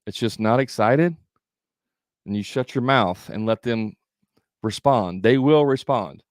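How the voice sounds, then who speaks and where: Smooth low-voiced man coaching sales live. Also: unhurried, no echo, clean studio sound. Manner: conversational, repetitive, with fillers and restarts.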